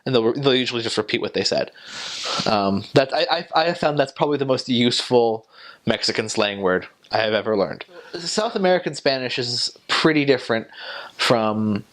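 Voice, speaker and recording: A man's voice: mid-range voice, expressive, normal speed, fairly bright tone. A young man talking casually about his time as a missionary, rambling and hesitant, with many fillers and restarts. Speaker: returned missionary.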